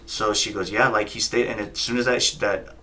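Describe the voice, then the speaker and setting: A man in his thirties, a podcast guest, telling a story in quick, profane casual chat and acting out the quotes. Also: on the low side, fairly even intonation, pushed and bright. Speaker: guest, fighter and coach. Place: podcast studio.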